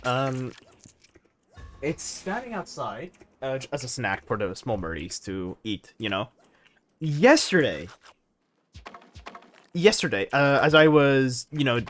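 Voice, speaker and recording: Young man, game streamer, rambling, laughs a lot, pitch swinging up and down. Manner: animated, rambling, laughs often. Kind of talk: casual live-stream chat while gaming.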